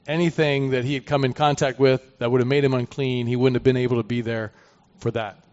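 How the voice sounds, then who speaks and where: A man's voice: medium pitch, flat delivery, fairly quick, a little mellow. A man teaching through a Bible passage, reading verses aloud and commenting in a conversational way with asides. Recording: dull lo-fi recording.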